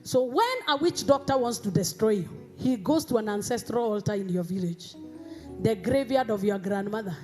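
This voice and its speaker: A Kenyan woman pastor delivering an emphatic sermon in a church, rising to shouts. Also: mid-range voice, moderate pace, faint music behind.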